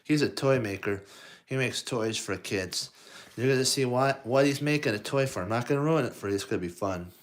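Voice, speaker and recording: A man reading a storybook aloud to children, halting over words and asking the listener questions as he goes. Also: fairly low pitch.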